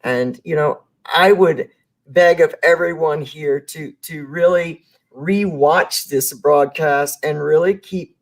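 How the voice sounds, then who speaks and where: An effusive, encouraging podcast host wraps up a live show, speaking straight to the audience. The voice sits at a middling pitch. It comes over a video call. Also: slow pace.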